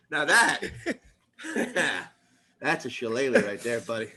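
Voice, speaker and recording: A comedian guesting on a podcast, telling profane, animated stories in casual chat. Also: male voice, mid-range voice, takes it slowly, background noise.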